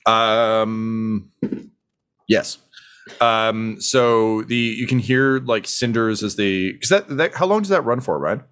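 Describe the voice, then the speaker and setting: A man's voice: fairly low pitch, takes it slowly, a bit bright, clean tone. A man narrating as game master, in a casual, rambling way full of fillers.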